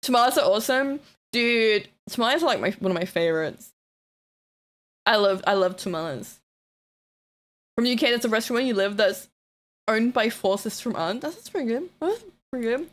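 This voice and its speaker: This woman streamer talks at a normal speed in a mid-range voice, pausing often as she chats casually with her live chat. Blunt and playful, she teases viewers, swears freely, and bursts into excited shouting and laughter.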